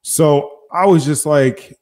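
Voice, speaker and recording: A young man hosting a podcast, telling a story in casual chat, animated and profane, acting out both sides of phone calls. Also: a little high, takes it slowly. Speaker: podcast host.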